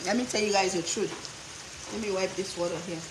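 A woman's voice: medium pitch, fairly quick, a little hiss or hum. A woman from Africa, telling funny stories while cooking in her home kitchen. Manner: animated, humorous storyteller. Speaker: cooking vlogger. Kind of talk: storytelling chat while cooking. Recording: echoey kitchen with faint cooking sounds.

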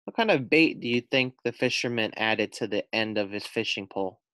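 A man reading a children's storybook aloud, animated and pausing to ask the listener questions. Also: on the low side, clean tone, no room sound. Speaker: storybook reader.

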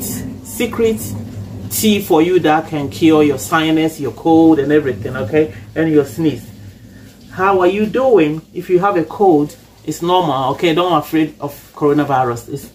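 Hosting her cooking channel from a home kitchen despite a cold, a woman talks viewers through a recipe in a chatty, reassuring way, often saying "okay." Her voice is deep and darkish, with a slight hiss or hum.

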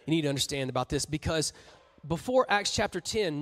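A young-church preacher with a high voice, joking and animated as he talks to the room. His words carry long reverb through a large church hall. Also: brisk. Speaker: youth pastor. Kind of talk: sermon.

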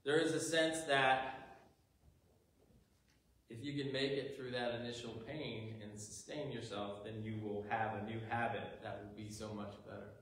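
A man's voice: medium pitch, fairly even intonation, unhurried, a bit bright. A man preaching a sermon as a pastor, earnest, leaning into the quoted lines, with dry self-deprecating humor. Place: church sanctuary. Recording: very echoey church sanctuary, faint hum.

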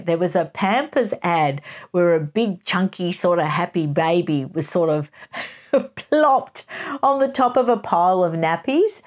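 A middle-aged woman hosts a casual gossip show, chatting along in a playful, giggly manner. Her voice sits slightly low for a woman. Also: animated, measured pace. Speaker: host.

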